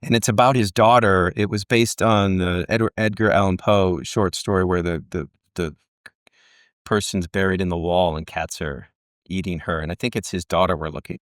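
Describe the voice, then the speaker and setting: A middle-aged actor, guesting in a casual interview, tells career stories as an animated storyteller who acts out the people he quotes. His voice sits low at a moderate pace, in a dry, studio-quality recording.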